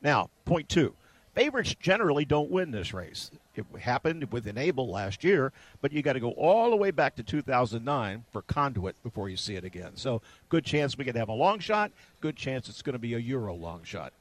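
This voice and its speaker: A man giving stat-driven horse racing analysis on sports radio in a lively way. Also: mid-range voice, a little fast.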